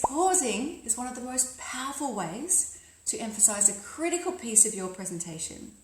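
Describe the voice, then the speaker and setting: Brief: woman, career coach, emphatic and upbeat, slightly high voice, echoey room. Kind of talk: instructional talk to camera.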